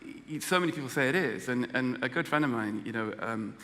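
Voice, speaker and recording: English man telling his story, bright voice. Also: medium pitch, big-room sound. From England. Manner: storytelling, self-deprecating humor, halting restarts. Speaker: guest speaker. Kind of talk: personal testimony talk.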